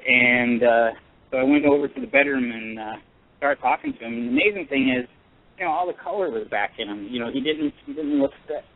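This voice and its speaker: Halting male caller over a tinny phone line. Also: medium pitch. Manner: halting, earnest, full of pauses and restarts. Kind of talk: telling a personal story on a radio call-in.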